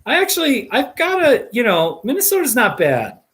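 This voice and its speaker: A man's voice: extremely high pitch, wildly swooping pitch, normal speed, fairly bright tone. A man hosting a live stream in casual chat, rambling and jokey, laughing often and restarting his sentences.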